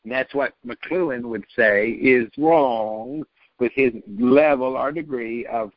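A man's voice: medium pitch, slow, vocal fry, no room sound, highs cut off. A man talking politics on a podcast in a rambling, profane, mocking way.

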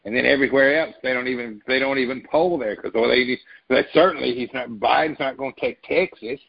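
A man giving his political opinions in a casual talk-show chat, rambling and emphatic, even spelling out words to make a point. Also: mid-range voice, fairly quick, creaky, breathy edge, dull audio. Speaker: political commentator.

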